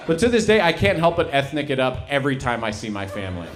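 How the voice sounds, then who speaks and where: Animated stand-up comedian man. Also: medium pitch, fast talker, few pauses, heavy background noise. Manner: animated storytelling. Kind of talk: stand-up set. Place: comedy show stage.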